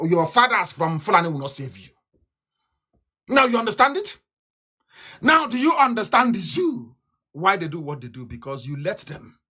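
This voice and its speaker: Nigerian man, radio address, fiery and scornful, voice bright and forceful. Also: slightly rough. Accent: Nigerian English. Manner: fiery and scornful, swings from shouts to low mutters. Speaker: radio broadcaster. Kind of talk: impassioned political radio address.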